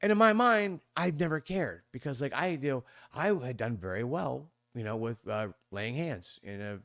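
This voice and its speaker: A man in his fifties, appearing as a podcast guest, tells stories conversationally at a moderate pace in studio-quality audio with no echo. He's animated, acting out other people's voices with sudden high squeaks, and rambles with many restarts and fillers.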